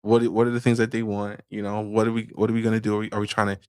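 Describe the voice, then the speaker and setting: A man's voice: fairly low pitch, monotone, rapid-fire, clean tone, dry recording, studio quality. A man who is a podcast guest, giving loose, casual advice with many fillers and restarts.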